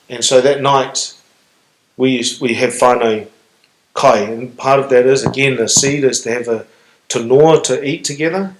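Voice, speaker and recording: New zealand man, earnest storyteller, halting with pauses, middle pitch, roomy hall sound. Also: steady tone. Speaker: guest speaker. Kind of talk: reflective public storytelling Q&A. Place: stage in a hall.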